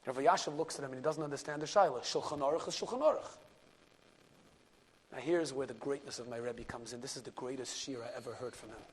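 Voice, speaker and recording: A man, a rabbi, telling a story in a class, animated, dropping to a hush at key moments and mixing in Yiddish and Hebrew words. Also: medium pitch, fast, a little hiss or hum. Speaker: rabbi and lecturer.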